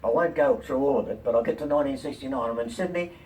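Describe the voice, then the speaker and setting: An older man, a comedian and talk-show guest, telling lively anecdotes and voicing the people in them. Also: medium pitch, quick pace. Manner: lively, quotes people in animated voices. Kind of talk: anecdotal storytelling. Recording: distant mic, faint room noise.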